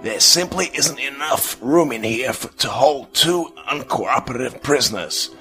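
A man's voice: medium pitch, lively intonation, measured pace, over music, voice pushed up, lightly acted. A man voicing a sarcastic male alien pilot in an audiobook reading, muttering dry remarks. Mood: urgent.

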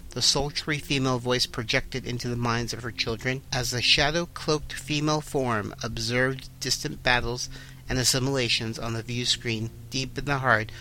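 Bright-voiced male reader and host. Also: medium pitch, moderate pace, a little hiss or hum, rough recording. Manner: announcing, then steady narration. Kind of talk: fan audio story reading.

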